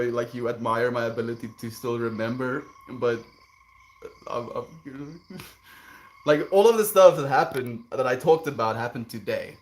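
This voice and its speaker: A man streaming live, reading viewer comments aloud and answering them in a relaxed, chuckling way, sometimes drifting into gentle musings. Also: medium pitch. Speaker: livestreamer reading chat. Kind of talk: casual livestream chat.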